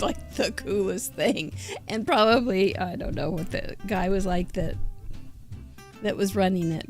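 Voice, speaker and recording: An older woman hosting a live crafting show, chatting casually and giggling as she thinks aloud. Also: medium pitch. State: out of breath.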